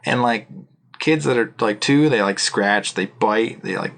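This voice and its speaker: A man's voice: lowish voice, unhurried, vocal fry, fairly bright tone. A man co-hosting a podcast, telling a rambling story in casual chat and laughing often. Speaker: podcast co-host. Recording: faint background noise.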